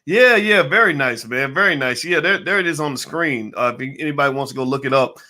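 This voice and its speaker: Male interview host with a bright, forceful voice who stumbles and repeats words with enthusiasm. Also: medium pitch, expressive, a little fast. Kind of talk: casual interview chat.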